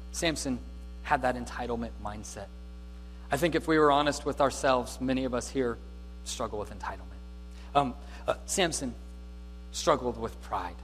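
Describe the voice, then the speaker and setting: Man preaching a lively sermon. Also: mid-range voice, normal speed, long pauses. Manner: dynamic preaching, swinging from loud to hushed. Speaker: pastor. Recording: reverberant hall with faint mains hum.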